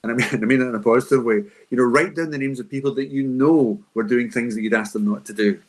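A man with a lilt talks through advice for teachers in an unscripted question-and-answer session. He is emphatic and conversational, with a voice sitting at an ordinary middle pitch. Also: fast talker. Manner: emphatic and conversational, acting out classroom lines. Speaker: school behaviour adviser answering teachers' questions.

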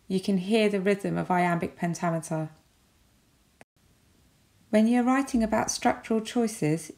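A woman with an English accent gives a recorded lesson as a teacher. Her voice is medium in pitch and a little mellow, and her explanations are clear and measured.

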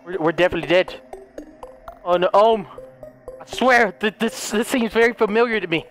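A high-pitched young man reacting to a game in a frantic comedic commentary. He pleads, shouts and laughs through each round while faint music plays underneath. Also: normal speed. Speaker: gaming video host. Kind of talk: comedic let's play commentary.

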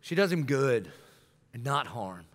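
A man preaching a sermon as pastor, humorous and lively, acting out little dialogues. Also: mid-range voice. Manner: humorous, acts out little dialogues in quick voices. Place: large church auditorium. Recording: long reverb of a large church hall.

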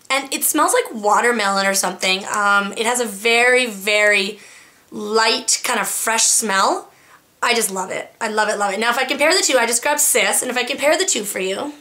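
A woman's voice: fairly high pitch, sharp tone. A young woman chatting casually about her favorite beauty products, enthusiastic and full of fillers. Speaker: beauty vlogger. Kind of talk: casual monthly favorites review.

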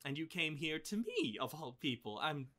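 A man voicing a gracious, doting elderly woman mage who fusses over her guests in quick, motherly chatter. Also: low-pitched, very animated, a bit bright. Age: older.

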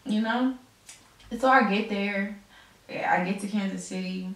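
A woman's voice: mid-range voice, a little slow, a bit bright, recorded from a distance. A young woman chats as an interview guest, easygoing and full of fillers and restarts. She sits well back from the mic, and her voice rings around a very echoey room. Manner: chatty, many fillers and restarts. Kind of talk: casual conversational interview.

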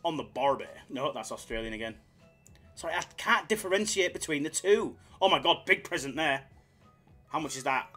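Hyped-up man, bright tense voice. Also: on the high side, lively intonation, moderate pace, soft background music. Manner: jokey, hyped-up banter with chat. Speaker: live slots streamer. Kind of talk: casual live-stream chatter.

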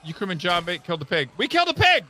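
A young man narrating his gameplay with high, bouncy energy. His voice is high and very bright, jumping all over the place as he yells and jokes with his friend. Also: very fast. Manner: excitable, shouts and jokes. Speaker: let's play host. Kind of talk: excited gameplay chat.

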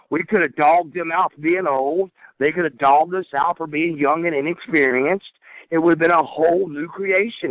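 A middle-aged former wrestler telling candid, animated stories in a shoot interview. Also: male voice, a little high, unhurried, dry recording, highs cut off.

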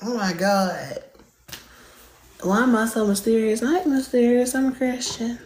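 A woman's voice: fairly high pitch, a little slow, darkish tone, reverberant. Woman ranting profanely on a live stream. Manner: profane, insulting, dramatic rant. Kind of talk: comedic ranting livestream.

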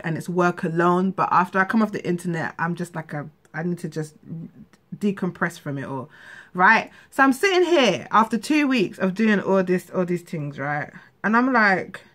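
A woman talks straight to camera in a candid, rambling vlog. Her pitch sits in the middle of the range. She sounds worn down and frustrated, often breaking off and restarting her sentences. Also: a bit bright. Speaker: vlogger.

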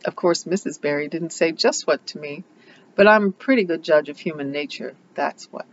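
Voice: medium pitch, moderate pace, dull audio, slight background noise, natural voice. A reader voicing a gossipy, self-assured older woman neighbor from a storybook, emphatic and scolding. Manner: emphatic, scolding, repeats a pet phrase.

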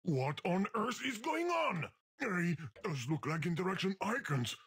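An exasperated talking game. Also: male voice, high-pitched, big pitch swings, unhurried, fairly bright tone, a little hiss or hum, heavily acted. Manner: exasperated scolding, mock despair. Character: the game itself, a fussy, exasperated male voice. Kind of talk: video game voice acting. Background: game music.

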